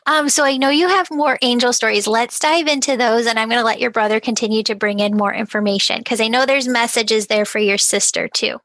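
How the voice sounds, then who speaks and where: A woman's voice: fairly high pitch, fairly even intonation, fairly quick, few pauses, fairly bright tone, dry recording. A woman host guiding her guest through stories in an encouraging way. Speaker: podcast host. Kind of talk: interview chat.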